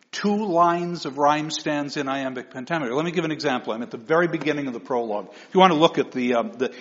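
A man giving a recorded literature lecture, talking in an animated, expressive way and reading verse aloud with dramatic emphasis. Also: on the high side, dull audio. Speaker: literature teacher.

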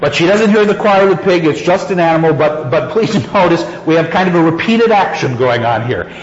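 Male lecturer, high voice, chuckles and repeats lines for emphasis; long hall reverb, dull recording. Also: lively intonation, a little fast. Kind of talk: lecture reading from a story. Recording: echoey hall, dull lo-fi sound.

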